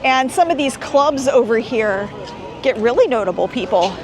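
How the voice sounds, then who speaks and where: A woman's voice: fairly high pitch, expressive, normal speed, crowd noise. A woman hosting a travel vlog, chatting in a rambling, enthusiastic way while walking around outdoors. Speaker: vlogger host. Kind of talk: casual travel vlog narration. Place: outdoors at a busy beach town. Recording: outdoor street noise behind.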